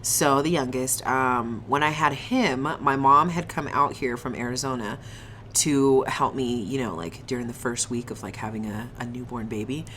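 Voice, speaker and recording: Animated low-voiced young woman vlogger. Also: moderate pace, a little hiss or hum. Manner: animated, slangy and profane, laughs often. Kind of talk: casual storytime. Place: at home, eating on camera.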